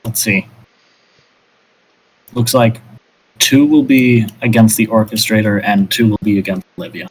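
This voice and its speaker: A man narrating as game master of a tabletop game, in a relaxed, hesitant way. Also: on the low side, unhurried, pauses often, breathy edge, poor audio.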